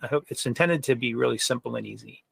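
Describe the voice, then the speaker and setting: A man presenting trading software in a conversational webinar, with frequent fillers and rhetorical questions. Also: medium pitch, fast, vocal fry, slightly rough, no echo.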